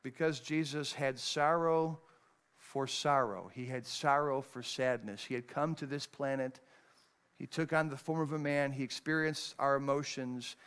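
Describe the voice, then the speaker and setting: A man, a pastor, preaching a sermon, moving between raised, emphatic lines and hushed, low passages as he reads scripture. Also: steady tone, a little slow, clear, resonant tone. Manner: reads scripture in old-fashioned wording.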